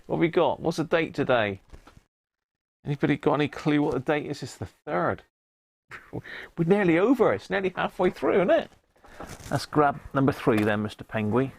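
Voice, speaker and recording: A man's voice: on the high side, very animated, moderate pace, gravelly, long pauses. A man hosting a casual live stream about restoring an old radio, chatty and greeting viewers by name as he works.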